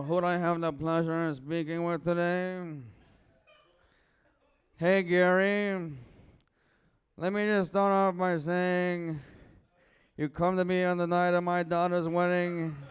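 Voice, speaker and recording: A man voicing an old-style gangster boss working as a cable customer service rep, in a slow, menacing mob drawl. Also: high voice, flat delivery, smooth, voice pushed up. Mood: mock menace.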